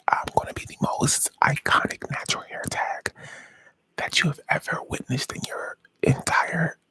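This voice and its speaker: A man's voice: a little high, pushed and bright, slightly rough, low-quality recording. A man hosting a casual live stream, whispering to his viewers and giggling at himself. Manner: whispering and giggling, self-mocking.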